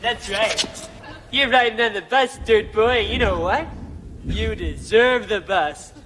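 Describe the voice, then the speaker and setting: A sneering, bullying young rock star. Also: male voice, high voice, measured pace, slight background noise. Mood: arrogant. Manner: swaggering, insulting, shouting. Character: arrogant abusive young male rock star, cruel. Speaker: sketch comedy character. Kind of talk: sketch comedy acting. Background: audience laughter.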